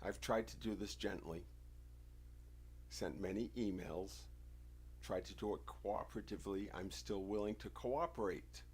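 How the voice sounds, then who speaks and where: A man from the United States hosting a livestream, giving an insistent, confrontational monologue with deliberate, emphatic phrasing. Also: lowish voice, darkish tone, slightly rough. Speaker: livestream host.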